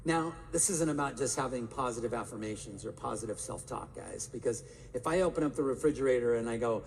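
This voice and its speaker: A man giving an energetic live talk to an audience in a large hall, firing rhetorical questions at the crowd. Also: mid-range voice, brisk, gravelly, few pauses. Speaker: motivational speaker. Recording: reverberant live hall, faint room noise.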